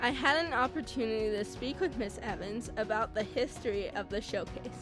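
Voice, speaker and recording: Slow-reading teen girl news reporter. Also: on the high side, music in the background. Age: teens. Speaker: student news anchor.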